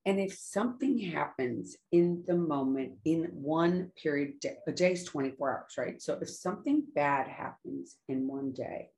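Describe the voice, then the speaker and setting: A woman's voice: low-pitched, normal speed, creaky, few pauses, darkish tone. A woman speaking casually and earnestly about staying sober, often trailing off and correcting herself as she goes. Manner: earnest, rambling, self-correcting. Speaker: recovery speaker. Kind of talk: casual spoken talk on sobriety.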